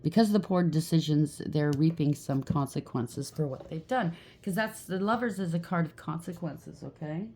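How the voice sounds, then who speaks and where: Low gravelly woman reading tarot. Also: moderate pace, hardly any pauses, dark tone. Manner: chatty, repeats "okay?" and "right?" to the viewer. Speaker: tarot reader. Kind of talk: casual tarot card reading.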